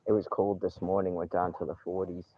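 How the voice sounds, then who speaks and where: A man's voice: low voice, little pitch movement, a little fast, a little hiss or hum. A man live-streaming from a campsite outdoors, talking casually and ranting with indignation and swearing freely. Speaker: livestreamer. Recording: tinny phone-like live stream.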